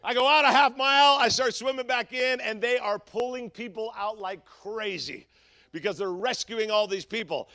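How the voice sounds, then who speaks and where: Pastor guy preaching, high bright voice, goes from shouting to quiet, kinda gravelly. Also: dry recording, studio quality. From Southern California. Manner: swings from shouting to hushed, conversational with fillers. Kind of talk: sermon.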